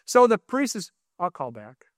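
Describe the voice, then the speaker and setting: A middle-aged man delivers a sermon with animated energy, stumbling and repeating words as he teaches. His voice sits high for a man. The sound is dry and close, with no room echo. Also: a little slow. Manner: animated, restarts and repeats words, raises voice for quotes.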